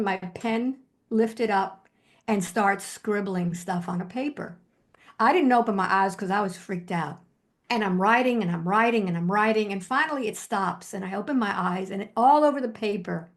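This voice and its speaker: Older lady hypnotherapist chatting through her story, lots of likes and you knows, mid pitch. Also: moderate pace. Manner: animated, quotes herself, many fillers. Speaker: hypnotherapist guest. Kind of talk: personal storytelling in an interview.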